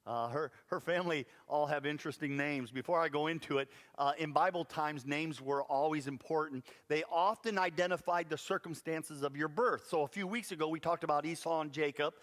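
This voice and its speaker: A male pastor preaches to his congregation and tells the story with lively, playful asides. His voice sits a little high for a man. The sound carries a long reverb from a church hall. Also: a little fast, hardly any pauses. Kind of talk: sermon. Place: church sanctuary.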